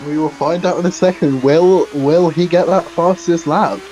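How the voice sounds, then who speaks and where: A man's voice: fairly high pitch, steady tone, normal speed, darkish tone, slight background noise, low-quality recording. A man co-commentating a sim race in a casual, teasing way, with some hesitant restarts.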